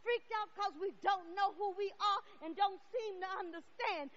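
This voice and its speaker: A woman's voice: very high-pitched, fairly bright tone, dull audio. A middle-aged woman poet performing spoken word on stage, chanting rhythmic refrains.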